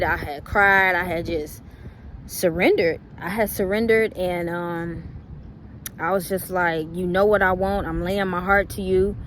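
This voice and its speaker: A young adult woman casually telling a personal story to her viewers, acting out her own past reactions in a conversational, drawn-out way. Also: lowish voice, a little hiss or hum. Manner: conversational, drawn-out speech with fillers. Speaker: vlogger.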